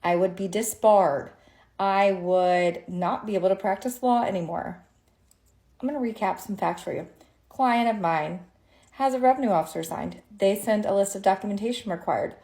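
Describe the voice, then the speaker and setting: Tired after a long day, a woman tax attorney rants to the camera about a frustrating story, exasperated, sarcastic, and emphatic. Her voice is mid-range and mellow, at normal speed.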